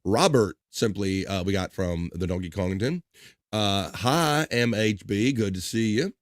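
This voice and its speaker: A man's voice: on the low side, expressive, measured pace, no echo, clean studio sound. Joking man reading chat on a stream. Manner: reads viewer messages aloud with crude banter and chuckles. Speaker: live-stream host.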